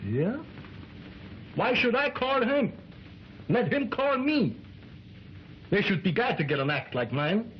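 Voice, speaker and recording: An actor playing an arrogant, bullying stage ventriloquist in an early sound film. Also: male voice, fairly high pitch, big pitch swings, a little fast, few pauses, a little hiss or hum. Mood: boastful. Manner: haughty and scornful. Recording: dull lo-fi 1920s film soundtrack with music.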